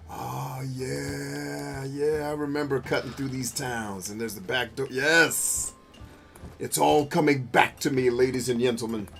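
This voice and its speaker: A man's voice: medium pitch, steady tone, measured pace, vocal fry, fairly bright tone, soft background music. A man hosting a gaming video, riffing in a joking, slangy way while he plays. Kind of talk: let's-play commentary.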